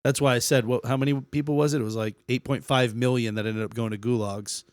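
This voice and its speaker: A man's voice: medium pitch, fairly even intonation, fast talker, no echo, studio quality. A man co-hosting a podcast, casually explaining history and swearing a lot. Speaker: podcast co-host.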